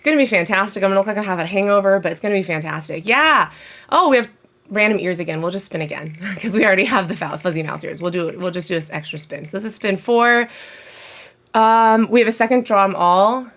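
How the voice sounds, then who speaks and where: A woman livestreams from home, chatting casually and rambling to her viewers while talking to chat. Her voice is mid-range and fairly bright, and she speaks quickly.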